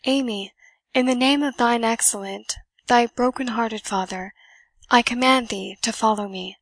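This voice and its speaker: A woman reading as a stern, reproachful young gentleman. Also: fairly high pitch, unhurried, dry recording. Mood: commanding.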